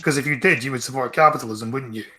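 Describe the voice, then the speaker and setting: Scottish man, host, bright tone, sarcastic, swears a lot, casual stream chat. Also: mid-range voice, rapid-fire, poor audio. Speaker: host reading the news.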